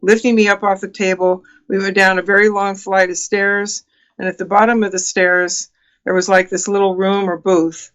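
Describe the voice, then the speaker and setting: A woman's voice: medium pitch, flat delivery, normal speed, a bit bright, lo-fi sound. A woman in her sixties, a guest on a talk show, earnestly recounting a personal experience with many fillers and restarts. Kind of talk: telling a personal story in an interview.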